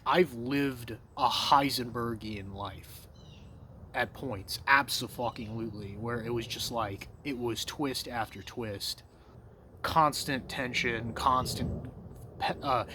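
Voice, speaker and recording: A man's voice: mid-range voice, bright, forceful tone, a little hiss or hum. A man talking to camera in a loose, rambling monologue, cursing freely and calling the listener bro and dude. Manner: loose, profane, says "bro" and "dude" a lot; self-assured and digressive, trails off mid-thought. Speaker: vlogger.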